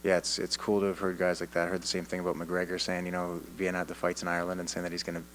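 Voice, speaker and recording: A man from Canada with a low voice answers reporters at a fight media day. He sounds sure of himself and tells stories with energy, often restarting his sentences. A faint hum runs behind him. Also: racing, rough recording. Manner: confident, animated storytelling with repeated restarts. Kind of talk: press interview answers. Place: media day press room.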